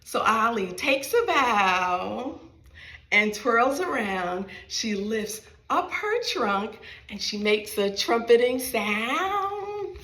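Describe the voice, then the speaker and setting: A woman's voice: on the high side, big pitch swings, very slow, bright, forceful tone, reverberant, slight background noise. A woman reading her own picture book aloud to small children in a library, playful and sing-song, talking straight to her young listeners.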